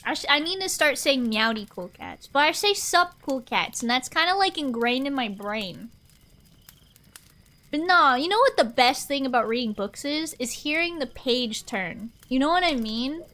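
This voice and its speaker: A woman's voice: high-pitched, animated, moderate pace, bright, forceful tone. A young woman streamer chatting casually with her live audience, rambling and answering chat aloud.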